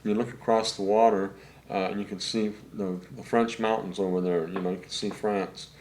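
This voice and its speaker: An older man, a session saxophonist, telling rambling anecdotes in a relaxed interview, full of fillers. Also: lowish voice, moderate pace, slight background noise. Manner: rambling anecdotes with many fillers, acts out quotes.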